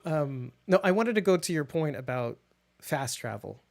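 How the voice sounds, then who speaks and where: A podcast co-host chatting through a TV episode recap. The speaker sounds eager and keyed up, with words piling on quickly. The voice sits at an ordinary middle pitch. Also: creaky. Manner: excitable, talks fast when worked up. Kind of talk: casual TV recap chat.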